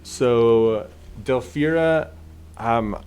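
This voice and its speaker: A man narrating as game master in a relaxed way, with frequent fillers. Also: mid-range voice, extremely slow, smooth.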